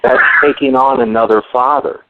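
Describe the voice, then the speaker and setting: A man's voice: mid-range voice, steady tone, normal speed, heavy background noise. A man hosting a talk radio discussion, earnest and explanatory. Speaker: radio host. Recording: tinny phone-line radio audio.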